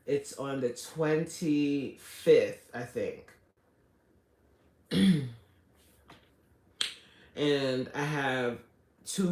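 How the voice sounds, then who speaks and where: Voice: medium pitch, darkish tone. An adult livestreamer chatting casually with viewers, greeting them by name and pleading for subscribers. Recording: echoey room.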